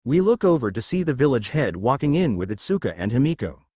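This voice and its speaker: A man's voice: mid-range voice, very animated, fast talker, mellow, slightly rough, no echo. A man narrating a first-person fan fiction story and reading every character's lines in his own voice. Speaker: fanfiction narrator.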